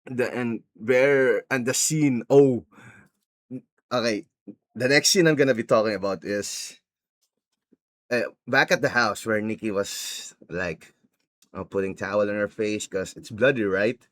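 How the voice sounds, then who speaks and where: A man's voice: a little slow, fairly bright tone, no echo. A man casually recapping a film for his channel, rambling with many restarts, laughing often and acting out quoted lines. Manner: rambling, laughing, acts out quotes in high voices. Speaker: YouTuber reviewing a film.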